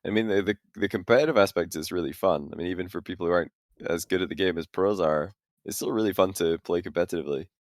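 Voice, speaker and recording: An easygoing man co-hosting a podcast, reminiscing in casual chat. His voice sits very low and sounds dry and close. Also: fast talker, no echo. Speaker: podcast co-host.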